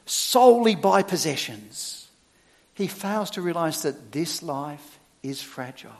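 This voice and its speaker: A middle-aged male minister delivering a sermon in a somewhat high voice. His pitch swings widely as he preaches, and he leans hard on key words with sudden loud stresses. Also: big-room sound. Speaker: church minister.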